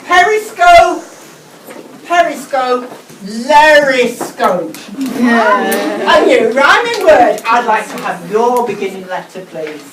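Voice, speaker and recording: An English woman teaching a whole class in a school classroom, giving brisk instructions and repeating key words slowly. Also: mid-range voice, sing-song. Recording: echoey classroom, distant mic, noisy.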